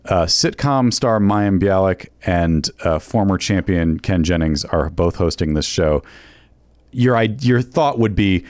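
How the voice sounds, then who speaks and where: A man chatting casually on a comedy podcast, wry and quick to laugh. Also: low-pitched, animated, a little mellow, no room sound. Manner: wry, laughs often, swears.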